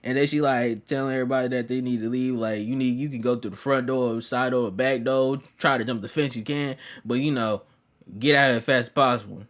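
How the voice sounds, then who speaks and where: A man's voice: medium pitch, steady tone, a little fast. Young guy, storyteller, slang-heavy, swears freely, easygoing ramble. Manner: slangy, profane, laid-back rambling. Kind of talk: casual storytime.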